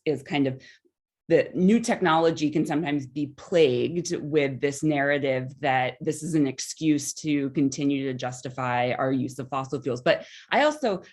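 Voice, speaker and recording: Low-voiced woman moderating questions. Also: a little mellow. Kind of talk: reading audience questions in a panel talk.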